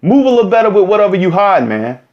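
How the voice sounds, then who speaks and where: A man's voice: high voice, fast, lo-fi sound. A man hosting a vlog, telling a story in casual, slangy talk straight to his viewers. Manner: animated, slangy, direct address. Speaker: vlog host.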